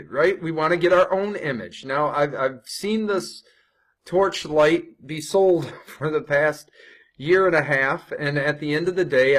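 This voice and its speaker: A young adult man coaching viewers on ad copy in a casual, conversational way, often tacking on "right?" and restarting sentences. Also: fairly high pitch. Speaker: online marketing coach. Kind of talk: casual screen-share tutorial.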